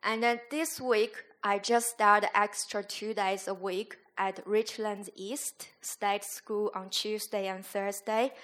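Bright-voiced woman giving an earnest testimony. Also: mid-range voice. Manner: earnest, halting, searching for words. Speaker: school chaplain. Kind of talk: church testimony.

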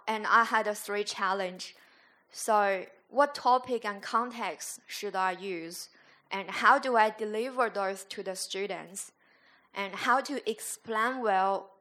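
A woman school chaplain giving an earnest, halting church testimony, sometimes searching for her words. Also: mid-range voice, sharp tone.

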